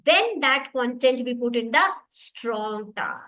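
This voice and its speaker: A woman's voice: fairly high pitch, lively intonation, slow, bright, forceful tone, rough recording. A woman teaching a web development class online, explaining patiently and repeating her points for the students.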